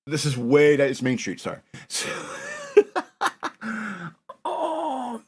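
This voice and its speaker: In a casual reminiscing chat, a forty-something podcast host from northern New York rambles about his youth and laughs at his own expense. His mid-range voice stays fairly even, at a moderate pace.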